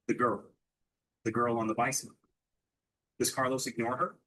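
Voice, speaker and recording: A man's voice: mid-range voice, level tone, moderate pace, pushed and bright, poor audio. A man teaching English through a question-and-answer drill, asking simple questions and repeating the answers back.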